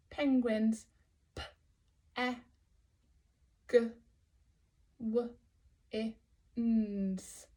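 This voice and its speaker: A woman with an English accent teaching phonics to young children, sounding out letters slowly and praising often. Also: a little high, mellow. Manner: slow, sounding out letters, encouraging. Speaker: early years teacher.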